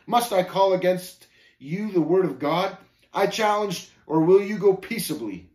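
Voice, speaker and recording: A man's voice: sits high, expressive, unhurried, a little mellow, voice pushed up. Brief: man doing an undaunted, devout pilgrim, firm and declaiming, in a roomy space. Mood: commanding. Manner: bold, firm, scripture-quoting declamation. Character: bold, devout male pilgrim Faithful, undaunted.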